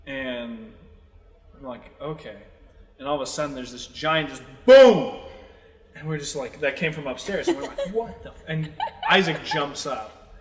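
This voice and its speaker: A man's voice: a little high, lively intonation, a little slow, echoey room, in a large hall. A young man in his twenties co-hosting a podcast, telling a long story in casual chat, rambling with lots of fillers and swearing. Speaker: podcast co-host.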